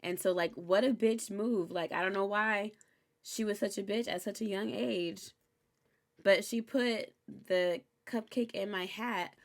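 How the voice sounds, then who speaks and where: A young woman hosting a recap show, chatting casually and candidly, animated and swearing freely. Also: medium pitch, unhurried. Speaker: host recapping a TV episode. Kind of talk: casual chat.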